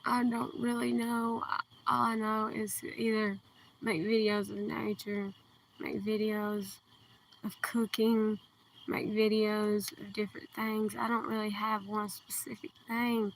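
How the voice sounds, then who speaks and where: Gravelly soft-spoken southern Kentucky woman. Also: medium pitch, little pitch movement. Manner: slow, deliberately enunciated, soft-spoken. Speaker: livestreamer. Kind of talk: casual livestream chat. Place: outdoors at night. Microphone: phone. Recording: distant phone mic, faint outdoor hiss.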